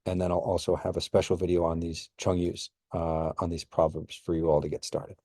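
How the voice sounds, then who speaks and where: A man recording a relaxed course introduction as a history professor, with many fillers and restarts. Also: low-pitched, a little fast, dry recording, studio quality.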